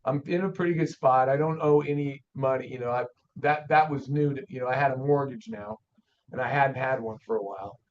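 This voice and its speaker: An older man, an auto shop owner, telling a story in a folksy, animated way as a guest on an interview show. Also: mid-range voice, fairly quick. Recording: dull lo-fi audio.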